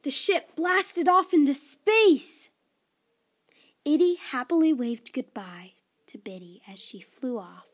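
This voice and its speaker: A woman reading a children's story aloud, soft and often close to a whisper. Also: sits high, slow pace.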